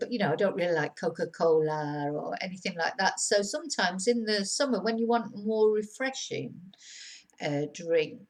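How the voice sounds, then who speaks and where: Chatty woman, lowish voice. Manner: chatty and rambling, with fillers and small laughs. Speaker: Spanish teacher on own channel. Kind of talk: casual spoken lesson.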